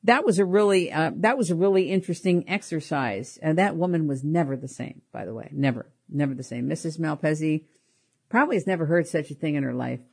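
A middle-aged woman with a slightly low voice hosts her own show, telling personal stories. She talks in an animated way, laughs often and repeats her words as she goes. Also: a little fast, creaky, husky. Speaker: podcast host. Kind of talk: personal storytelling.

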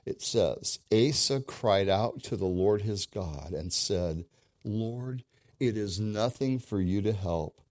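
A man delivers a sermon from the pulpit in a low-pitched voice. He hammers points home through repetition and swings between quiet, intimate stretches and loud, rising emphasis. The sound is close and dry, with little room around it. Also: no echo. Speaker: pastor.

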